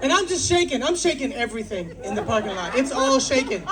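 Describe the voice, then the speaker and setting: Woman comedian, high voice, animated, stage mic, loud crowd. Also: quick pace. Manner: animated, acts out quoted voices, playful. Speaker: stand-up comedian. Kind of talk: stand-up comedy set.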